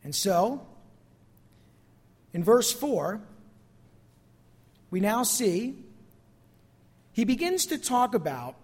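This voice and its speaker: A man preaching a sermon as pastor, expressive and calling out to his congregation for amens. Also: high voice, extremely slow, pauses often, breathy edge, long reverb tail.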